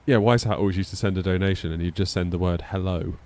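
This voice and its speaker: Chatting live, a flight sim streamer rambles hesitantly, packing in fillers and little laughs at his own expense. His voice is low, steady, and darkish, and he speaks fast.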